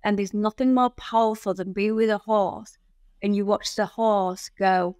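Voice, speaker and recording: A woman guest on a podcast interview, telling stories in an animated way and acting out the people in them. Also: mid-range voice, unhurried, clear, resonant tone, no echo. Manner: animated storyteller who acts out the people in her stories. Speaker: guest, founder of a riding centre.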